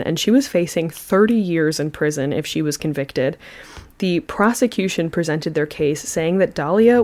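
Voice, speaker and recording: A woman's voice: deep voice, a little mellow. A woman hosting a podcast, telling a true crime story with chatty asides. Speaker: podcast host.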